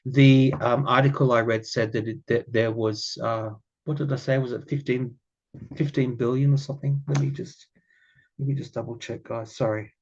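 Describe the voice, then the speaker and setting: A man with an Australian accent giving a casual tarot reading, musing aloud and often repeating his phrases with ums and soft laughs. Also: mid-range voice, fairly even intonation, normal speed, dull audio. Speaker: tarot reader.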